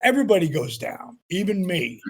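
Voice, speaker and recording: Male guest, sixties, lively storyteller, gravelly and raspy. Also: high voice, brisk. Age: 60s. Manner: animated anecdotes, acts out quotes. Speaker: guest, retired pro wrestler. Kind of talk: storytelling interview.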